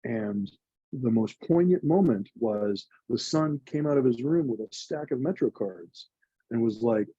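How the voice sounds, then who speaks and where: Earnest husky man telling his story. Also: mid-range voice, animated, a little slow, warm tone, no echo, highs cut off. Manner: earnest, emotional, chatty with many "like" fillers. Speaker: nonprofit co-founder guest. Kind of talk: reflective conversational storytelling.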